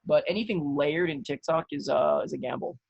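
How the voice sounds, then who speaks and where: A man guesting on a podcast, talking in a relaxed, thoughtful way and swearing now and then. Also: fairly high pitch, brisk, vocal fry, breathy edge, no room sound, lo-fi sound. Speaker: podcast guest, actor and content creator. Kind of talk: casual conversation.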